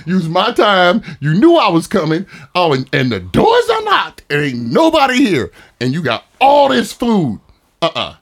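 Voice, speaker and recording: Animated laughing man telling stories. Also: sits high. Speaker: podcast co-host. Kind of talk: casual storytelling chat.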